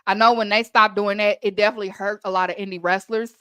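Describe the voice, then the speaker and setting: A woman's voice: mid-range voice, fairly even intonation, fast, sharp tone, clean tone, no echo. A woman from Texas with a Texan accent, hosting a casual wrestling recap podcast and chatting emphatically to listeners.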